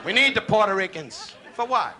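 A man from New doing live stand-up insult comedy, firing brash rapid jabs at audience members. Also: sits high, animated. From New York. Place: live club stage before an audience. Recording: noisy archival live recording, loud crowd laughter.

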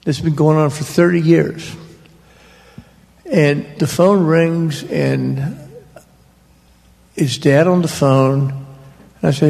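An older man with a drawl, spinning family anecdotes for a live audience. His voice is gravelly and a little high, and he takes his time over every line. The hall around him rings with a long reverb. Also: fairly even intonation, a little mellow. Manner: slow, drawling anecdotal delivery with laughs in the voice. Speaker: author speaking on stage.

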